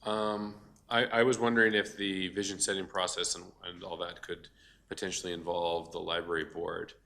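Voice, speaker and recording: A man's voice: low-pitched, flat delivery, moderate pace, sharp tone. A man chairing a town council meeting as mayor, asking questions and thinking aloud with fillers.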